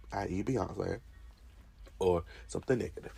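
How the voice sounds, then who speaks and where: A man with a heavily gravelly, fry-laden voice sits on the low side and sounds dark and mellow. He hosts a faith commentary monologue, mixing rhetorical repetition with casual asides. A faint hiss sits under him. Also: normal speed, long pauses. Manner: conversational and rhetorical, with repeated phrases and asides. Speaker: host.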